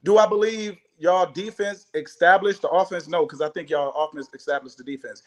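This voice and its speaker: A man's voice: sits high, brisk. A man in casual sports talk, making emphatic points and reeling off statistics. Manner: emphatic, listing stats, repeating points.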